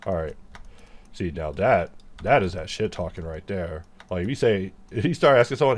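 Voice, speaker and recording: Low-voiced man joking through a modeling session. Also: animated, moderate pace. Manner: rambling, joking, self-mocking asides. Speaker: 3D modeler teaching his workflow. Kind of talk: casual commentary while modeling on screen.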